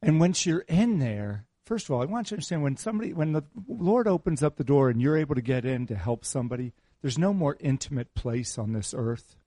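A male pastor with a mellow, dark voice gives a relaxed, chatty sermon. He repeats his key lines and teases members of the flock with light joking asides. The sound is dry and close. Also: fairly high pitch, a little fast, hardly any pauses, no room sound. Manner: conversational, repeats key phrases for emphasis; teasing, joking asides with the congregation. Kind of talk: informal sermon.

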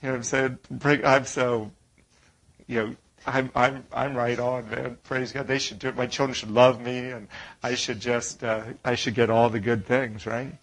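In poor audio, a middle-aged man with a medium-pitched voice preaches a conversational sermon at a moderate pace. He's animated, firing off rhetorical questions and acting out whiny, complaining voices.

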